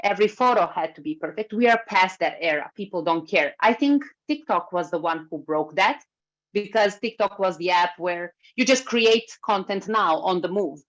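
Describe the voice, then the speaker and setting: A woman giving a workshop talk over a video call, speaking in a lively way and moving as she talks. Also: lowish voice, moderate pace. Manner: lively, moves while speaking. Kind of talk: webinar talk. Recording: slightly muffled video call recording.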